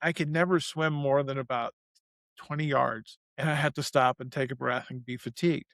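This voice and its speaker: A man guest in an interview, telling a personal story in an animated way, speeding up and slowing down as he goes. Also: medium pitch, no echo. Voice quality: gravelly.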